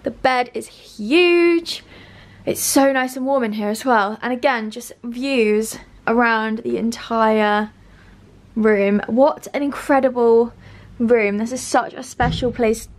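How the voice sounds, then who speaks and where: A young woman, gushing and chatty as she vlogs. Her voice sits a little high, with a slightly breathless, excited edge. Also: slow pace. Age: 20s. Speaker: lifestyle vlogger. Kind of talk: casual vlog tour and outfit chat.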